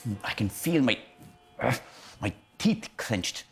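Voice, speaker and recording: A man teaches children about emotions in a playful, animated way. His pitch leaps up and down as he acts out each feeling. He sits at a middling pitch for a man. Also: takes it slowly.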